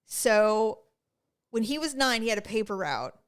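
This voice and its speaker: A woman co-hosting a podcast in casual chat, telling animated stories and acting out the people she quotes. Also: fairly high pitch, unhurried, clear, resonant tone. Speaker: podcast co-host.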